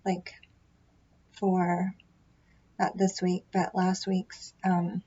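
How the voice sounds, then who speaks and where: A tarot vlogger chats casually to camera about her readings, rambling, poking fun at herself and filling her talk with fillers and restarts. Her mid-range voice is a little mellow. She is recorded on a built-in microphone array, and the highs are cut off.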